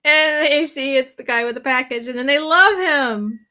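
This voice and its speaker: A woman's voice: high-pitched, bright, forceful tone. A woman teacher giving a casual classroom lecture, chatty and laughing often as she reads comics aloud.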